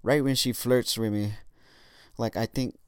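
A man's voice: medium pitch, fairly even intonation, a little slow, clear, resonant tone, dry recording, clean studio sound. A young man giving casual dating tips in a monologue, swearing often and using lots of fillers. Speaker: dating coach vlogger.

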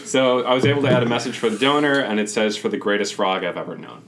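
A man's voice: medium pitch, fast, fairly bright tone. A man narrating as game master of a tabletop role-playing podcast, casual and self-correcting.

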